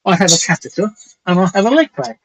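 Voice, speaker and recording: Blunt, rambling host, a bit hoarse. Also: male voice, high-pitched, sing-song, fast, fairly bright tone, poor audio. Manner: rambling, blunt and crude, reads out viewer comments. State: slightly hoarse. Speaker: talk show host. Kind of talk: casual late-night live stream chat.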